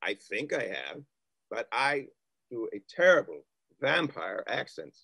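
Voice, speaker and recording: A man's voice: medium pitch, very animated, measured pace, creaky, sharp tone, husky, no room sound, full character voice. A man playing a reformed old miser, heartfelt and wry, in an amateur online play. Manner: heartfelt, wry, self-deprecating. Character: reformed old male miser, now tender and repentant.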